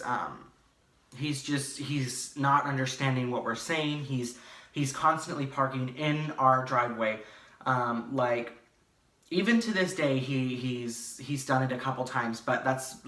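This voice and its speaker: A young man telling a casual storytime vlog from his bedroom, rambling and animated, full of fillers and restarts. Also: medium pitch. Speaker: vlogger. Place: his bedroom, in front of a green screen. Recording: echoey room, slightly far from mic.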